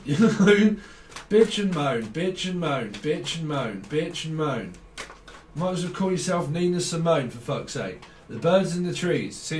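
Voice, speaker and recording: A man's voice: a little high, darkish tone. A man giving a casual tarot reading, swearing, ranting and laughing often. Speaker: tarot reader. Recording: roomy, distant from mic, faint background noise.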